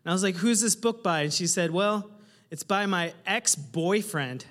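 Male pastor, high-pitched, lively and humorous from the pulpit, heard in a long-reverb hall. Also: fairly quick. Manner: animated, humorous, asks the congregation questions. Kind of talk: sermon. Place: church hall with a congregation.

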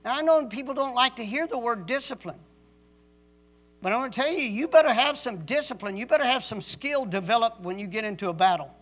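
A man's voice: extremely high pitch, expressive, fairly quick, a bit bright. A male pastor preaching a sermon in a stern, emphatic way, repeating key words for stress like a drill sergeant. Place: church service.

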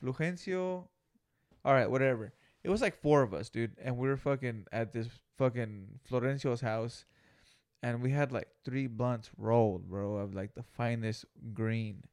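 A man's voice: mid-range voice, normal speed, a little mellow. Laid-back young man swapping stories. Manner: laid-back slangy, heavy swearing. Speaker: podcast co-host. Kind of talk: casual storytelling chat.

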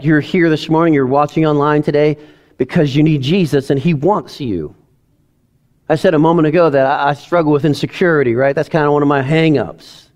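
A man preaches in a church sanctuary, his slightly high voice moving between chatty confession and fervent emphasis. He sounds like a middle-aged pastor, personal and emotional, leaning into repeated lines. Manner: conversational, emotional, swings from quiet to loud emphasis. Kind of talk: sermon.

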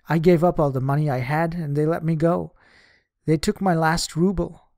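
A frank, hard-pressed young cigarette girl from a memoir audiobook, as a male reader voices her. She answers plainly and directly, her voice pitched slightly higher than his narration. The sound is close and dry. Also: steady tone, normal speed, a little mellow, dry recording, lightly acted.

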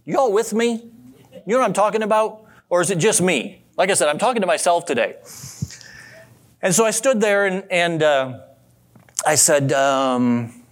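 A man preaching a sermon in a relaxed, conversational way, telling a story and asking his listeners questions. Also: a little high, normal speed. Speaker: pastor.

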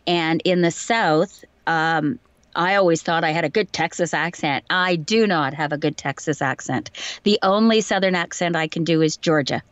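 A woman's voice: low voice, moderate pace, no room sound, muffled recording. Chatty woman voice actor, dry sound. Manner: chatty, laughs easily, tells anecdotes. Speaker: voice actor guest. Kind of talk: casual interview chat.

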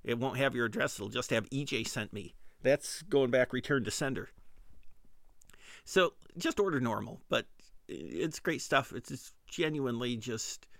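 A middle-aged man tells a comic story as a podcast host, rambling and self-deprecating, often restarting his sentences. His voice is bright and forceful at an average pitch. The recording is dry and close, with no room sound. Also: lively intonation, unhurried, vocal fry, no room sound. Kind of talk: casual comedic monologue.

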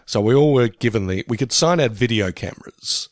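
A man's voice: mid-range voice, expressive, a little fast, no room sound. A middle-aged Australian man co-hosting a podcast in casual chat, joking, laughing often and swearing freely. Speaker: podcast co-host.

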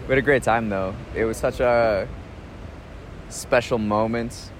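A man talking in a casual spoken travel diary, relaxed and reflective, rambling with restarts and soft chuckles. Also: medium pitch, a little slow, a little hiss or hum. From United States. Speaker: podcast host.

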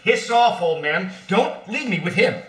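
A man's voice: sits high, lively intonation, a little slow, a bit bright. A man reading the part of a desperate, foul-mouthed baby boy in an amateur play reading. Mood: pleading. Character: infant boy pleading with crude adult talk. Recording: echoey room.

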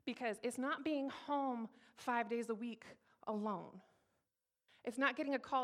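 A woman's voice: fairly high pitch, a little slow, a bit bright. A woman in her thirties from Colorado, giving a candid, emphatic personal testimony to an audience and repeating her key phrases. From Colorado, USA. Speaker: speaker sharing her testimony.

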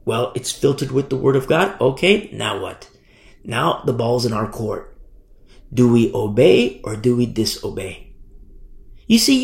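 A middle-aged man preaching a sermon as pastor, animated and repetitive, with many asides. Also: medium pitch, gravelly, roomy sound.

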